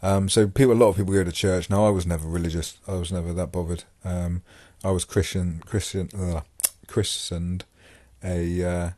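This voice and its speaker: A man's voice: low voice, level tone, normal speed, hardly any pauses, dark tone, no echo. A man hosting a podcast, talking casually about his time in prison, rambling with many fillers and restarts. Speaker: podcast host and former prisoner. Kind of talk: casual monologue.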